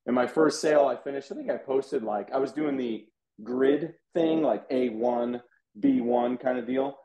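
A man tells his story in a mellow, relaxed voice, casual and animated, and acts out both sides of the conversations he describes. The sound is echoey, as if he were in a bare room on a video call. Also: mid-range voice, moderate pace, lo-fi sound. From Houston, USA. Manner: animated, acts out quoted dialogue. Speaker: interview guest, card collector.

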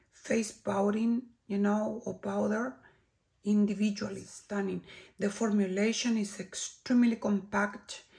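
Chilean woman reviewing makeup, Spanish-accented English, unhurried with a gravelly edge, slips into soft whispers. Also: mid-range voice. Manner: slow, lingering, drops to soft whispers when admiring products. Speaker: beauty vlogger. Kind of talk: product review and tutorial.

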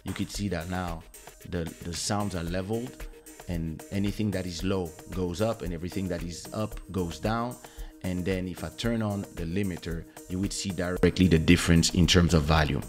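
A man hosting a live stream, explaining his audio setup step by step and speaking softly and loudly on purpose to show the effect, into a broadcast microphone. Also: deep voice, fairly even intonation, moderate pace, soft background music. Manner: explains step by step, talks loud and soft on purpose. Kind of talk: casual tech demonstration. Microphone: dynamic broadcast microphone.

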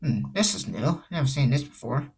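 A man's voice: medium pitch, expressive, moderate pace, darkish tone, breathy edge. A young man hosting a casual vlog, rambling and hesitant with many restarts. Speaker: channel host.

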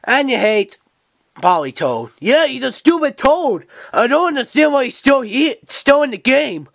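A woman's voice: sits high, big pitch swings, unhurried, creaky, dry recording, exaggerated voice. A woman voicing a brash, impatient cat who hosts a talk show, bossing the guests around in a playful home-made show. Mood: brisk. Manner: bossy, impatient, sarcastic. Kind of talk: playful toy-show role-play. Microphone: handheld camcorder mic.

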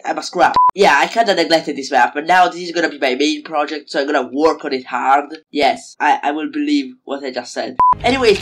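A man giving rambling, excitable commentary on a game map he is building, a little sick and just woken up. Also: a little high. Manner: rambling, excitable, self-deprecating. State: slightly sick, just woke up. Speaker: Minecraft map-making YouTuber. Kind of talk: casual gameplay commentary.

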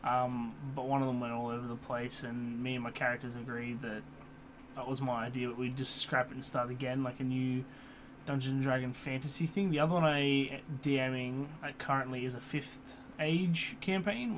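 A man's voice: medium pitch, steady tone, normal speed. Young male vlogger, casual and rambling, swears a lot, fan hum in the room. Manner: swears often, many fillers and restarts. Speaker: YouTuber. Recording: computer fan hum in background.

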